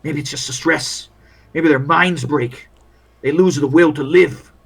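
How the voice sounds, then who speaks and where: A man's voice: fairly high pitch, a little slow, vocal fry, husky, exaggerated voice. A man voicing a weary, bitter male army officer at a field hospital, who grumbles and then bursts out in complaints. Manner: bitter, complaining, with rising outbursts.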